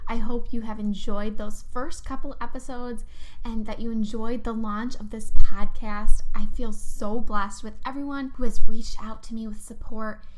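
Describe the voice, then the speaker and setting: A woman's voice: on the high side, steady tone, moderate pace. A young woman hosting a motivational podcast, talking straight to her listeners in an upbeat, heartfelt way. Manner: enthusiastic, heartfelt, speaks directly to listeners. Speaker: podcast host.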